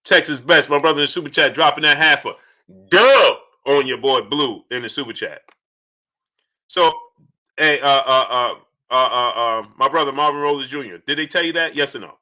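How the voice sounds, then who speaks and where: A man hosting a casual live stream, shouting out viewers by name and repeating his points in an animated way. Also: mid-range voice, moderate pace. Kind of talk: casual live-stream chat reading super chats.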